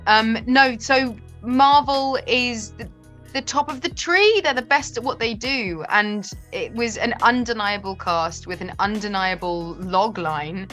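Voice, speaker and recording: A woman actress being interviewed, chatting quickly with self-deprecating humor and frequent laughter. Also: on the high side, a bit bright, soft background music. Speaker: actress guest. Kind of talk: casual interview chat.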